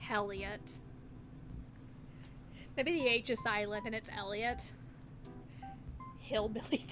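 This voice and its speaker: A woman's voice: fairly high pitch, slow, long pauses, fairly bright tone, faint music behind. A woman streamer in casual live-stream chat, giggly, playful and rambling as she muses aloud.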